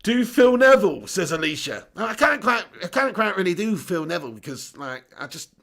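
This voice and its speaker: A man's voice: sits high, lively intonation, fairly quick, sharp tone. A man hosting a live stream, reading viewer comments in casual chat, jokey and self-mocking with frequent laughs.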